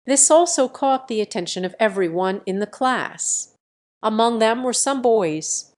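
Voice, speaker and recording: Slow-reading woman narrator. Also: on the high side, animated, darkish tone. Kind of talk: scripted audiobook narration.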